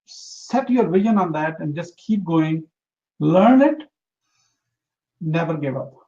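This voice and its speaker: Earnest high-voiced man giving advice. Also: expressive, takes it slowly, dark tone, lo-fi sound. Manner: earnest, emphatic, repeats for emphasis. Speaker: interview guest, entrepreneur. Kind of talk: motivational interview talk.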